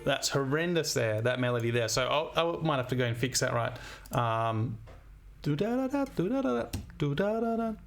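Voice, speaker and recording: A man's voice: medium pitch, fairly quick, creaky, few pauses, a bit bright. A man, a music teacher talking through a composition demo while thinking aloud. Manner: thinking aloud, scatting melodies. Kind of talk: screen-recorded composition demo.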